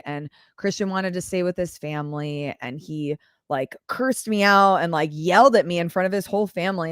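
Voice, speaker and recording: A young woman hosts a live stream and tells a long personal story in a loose, chatty way, with "like" in nearly every sentence and laughs slipping in. Her voice sits on the low side for a woman, and the sound is close and dry with no room echo. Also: clean tone. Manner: chatty, peppered with "like", laughs while telling. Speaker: host. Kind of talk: casual storytelling chat. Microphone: clip-on mic.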